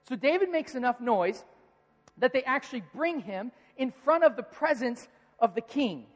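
A preacher retelling a story to a congregation in a playful, animated, conversational way. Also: medium pitch, normal speed. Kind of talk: storytelling sermon. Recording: reverberant hall.

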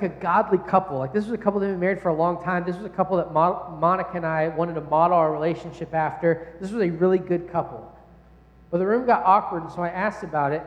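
A young adult man preaching a sermon in a lively, conversational way, with rhetorical questions to the crowd. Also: high voice, a little hiss or hum. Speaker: pastor. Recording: echoey hall.

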